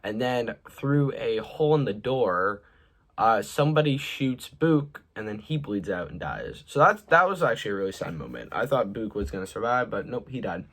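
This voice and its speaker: A young man with a fairly low voice talks through a movie in a casual review. His delivery is loose and rambling, padded with fillers, and his voice tends to fade at the ends of sentences. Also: sing-song, normal speed, fairly bright tone.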